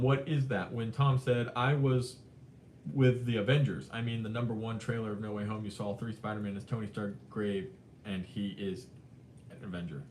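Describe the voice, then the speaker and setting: A man hosting a live movie chat, talking casually and animatedly, swinging between excited and subdued. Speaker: live stream host. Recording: roomy with faint rumble.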